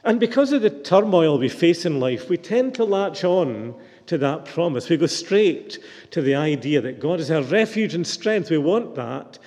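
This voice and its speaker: A man's voice: a little high, expressive, a little slow, warm tone, big-room sound. A man preaching a sermon in a reflective, questioning manner.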